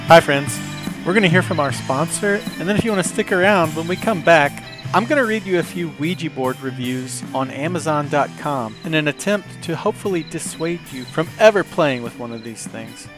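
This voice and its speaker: Guy hosting a podcast, reads reviews out with dry jokes, voice on the higher side. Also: lively intonation, fairly quick, over music. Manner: reads listener reviews aloud with dry humor. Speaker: podcast host.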